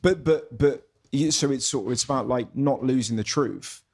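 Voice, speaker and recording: A man's voice: mid-range voice, normal speed, a little mellow. A man with a British accent, a comedian guest, chatting in a pub, full of restarts and enthusiasm. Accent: British English. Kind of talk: casual chat.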